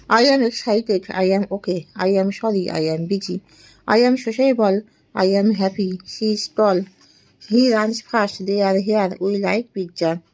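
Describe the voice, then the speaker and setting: This is a poorly recorded clip of an English tutor, a woman in her twenties from India with a mid-range, darkish voice. She reads short sentences for practice one after another, taking her time and giving small laughs.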